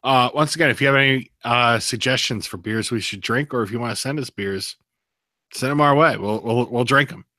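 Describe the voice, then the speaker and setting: A man rambles through a casual beer review, swearing as he goes. His voice is bright and forceful, and it sits close and dry on the mic. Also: medium pitch, a little fast, no room sound. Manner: loose, profane, rambling. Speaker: podcast co-host.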